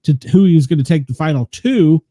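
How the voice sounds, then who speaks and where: A man's voice: a little high, fast, mellow, dry recording. A man hosting a podcast in casual chat, gossipy and profane, often laughing as he talks. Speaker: podcast host.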